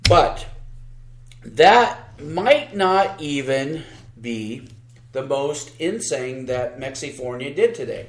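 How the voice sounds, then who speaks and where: A man's voice: mid-range voice, animated, takes it slowly, roomy sound. A man co-hosting a podcast, giving sarcastic, combative political commentary and reading news aloud with asides. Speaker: podcast co-host.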